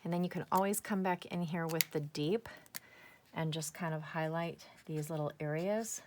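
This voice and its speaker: A woman with a low voice chats her way through a craft demonstration, eager and talkative, often talking to herself as she works. The recording carries a faint background hiss. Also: moderate pace. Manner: chatty, enthusiastic, talks to herself while working. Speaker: craft tutorial host. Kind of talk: casual step-by-step craft demonstration.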